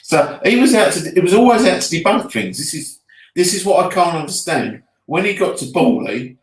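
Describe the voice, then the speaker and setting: A man's voice: high-pitched, sing-song, moderate pace, echoey room. A man with an Essex accent, co-hosting a casual chat about hauntings, speaking earnestly and often trailing off to restart his sentences. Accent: Essex English. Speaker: podcast co-host.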